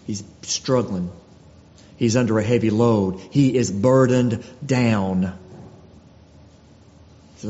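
Preacher in a dull reverberant hall. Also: male voice, mid-range voice, lively intonation, a little slow, pauses often, mellow. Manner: earnest, repeats phrases, stumbles and restarts. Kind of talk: sermon.

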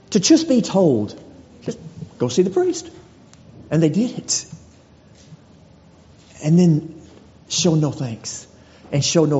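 A man's voice: fairly high pitch, warm tone. A man preaching a sermon to a congregation, driving his points home with repeated rhetorical questions. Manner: rhetorical questions, emphatic repetition. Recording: dull lo-fi audio with long reverb.

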